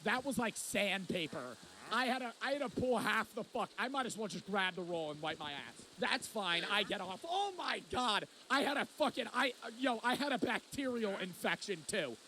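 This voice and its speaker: A man's voice: high voice, expressive, normal speed, pushed and bright, slight background noise. A young man casually telling a long vacation story, rambling and swearing a lot and often tagging lines with "right?". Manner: rambling, profane, repeats "right?". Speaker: vlogger.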